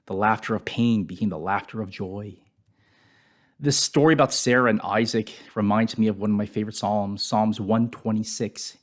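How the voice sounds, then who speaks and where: A man giving a reflective devotional Bible teaching, dropping his voice softly on painful words. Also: fairly low pitch, fairly even intonation, normal speed.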